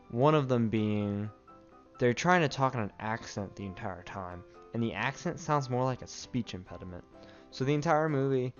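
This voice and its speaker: A low-voiced man talks through a run of movies in a loose, rambling way, tossing off opinions with amused laughs and restarts. The recording is dull and lo-fi, with faint music underneath. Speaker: movie reviewer. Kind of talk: casual spoken film commentary.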